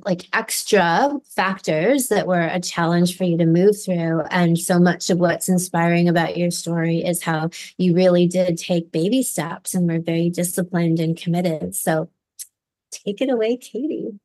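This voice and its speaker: A woman hosting a live online event, leading a slow guided visualization and then chatting upbeat with a guest over video call. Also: fairly low pitch, steady tone, a little mellow. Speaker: host.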